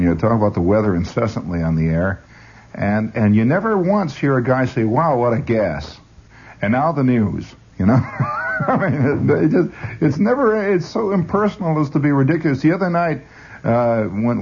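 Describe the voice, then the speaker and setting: A man's voice: medium pitch, darkish tone, slightly rough. A man hosting a rambling radio monologue, full of stammered restarts and chuckling asides. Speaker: radio host. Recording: dull lo-fi radio recording.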